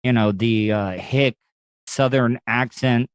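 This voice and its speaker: A man's voice: medium pitch, fairly even intonation, slow pace, smooth, no echo. A man hosting a podcast, asking blunt questions with stammers and restarts. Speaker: podcast host. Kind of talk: casual podcast interview.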